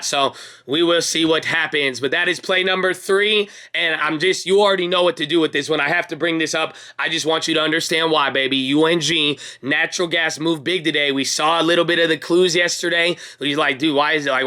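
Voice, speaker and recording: A young man hosts a casual stock market recap, hyped up and talking directly to his viewers as friends, with pep-talk energy and calling them baby and bro. His voice is fairly high, bright and forceful.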